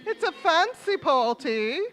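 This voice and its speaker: A woman with a high, bright, very animated voice leads a children's talk in church. She speaks slowly and encouragingly, asking questions and echoing the children's answers. The sound carries with a long reverb off the church hall. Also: some chatter behind. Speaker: leader of a children's time in a church service. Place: church sanctuary. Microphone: microphone.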